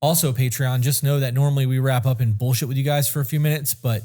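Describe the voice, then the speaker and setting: A man talks on a podcast in a loose, rambling way, blunt and swearing often. His voice is mellow and relaxed, at an ordinary pitch for a man. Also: fast. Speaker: podcast co-host. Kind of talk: casual podcast chat.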